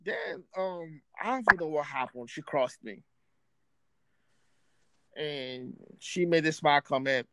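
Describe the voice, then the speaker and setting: A man hosting a podcast, telling a story casually in streetwise slang, animated, raising his voice for quoted friends. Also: fairly high pitch, slow, long pauses, very noisy. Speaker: podcast host.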